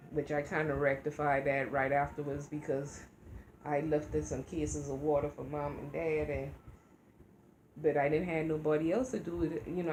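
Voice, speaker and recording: A woman's voice: sits low, a little mellow, a little hiss or hum. A middle-aged woman vlogging in a rambling, heartfelt way about faith and everyday life. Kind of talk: casual chat.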